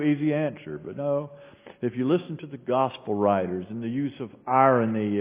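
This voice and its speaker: A male pastor preaching a sermon, telling a story and shifting between raised bursts and quiet low passages. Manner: storytelling with sudden raised quoted shouts and quiet drops. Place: large church sanctuary. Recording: echoey hall on a tinny phone-like line.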